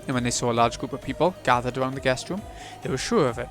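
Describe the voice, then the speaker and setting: A man reading the narration of a visual novel aloud as a let's play, in a steady storytelling read. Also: mid-range voice, rapid-fire, hardly any pauses, faint music behind.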